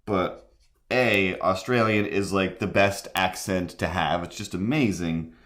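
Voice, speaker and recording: A man's voice: low voice, a little slow, fairly bright tone. A man chatting casually while drawing on a live stream, rambling and self-deprecating. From near Cape Breton, Canada.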